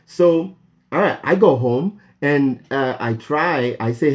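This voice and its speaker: A young Kenyan man telling a story for his vlog in an animated way, jumping high in pitch when he quotes himself, with lots of fillers and restarts. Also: takes it slowly. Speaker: vlogger.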